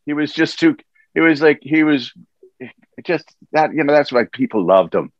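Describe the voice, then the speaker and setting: An older man, a voice actor guest, tells stories in a casual interview. He is animated, laughs as he goes, and often restarts his sentences. The sound is dull and lo-fi, and completely dry. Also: a little high, moderate pace, no echo.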